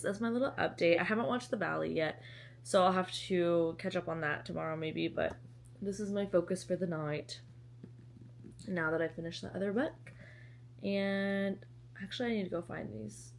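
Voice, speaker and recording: A woman's voice: on the low side, vocal fry, slight background noise. Chatty woman with a slight lisp. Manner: chatty, anxious, self-interrupting. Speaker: book vlogger. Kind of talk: casual vlog chat.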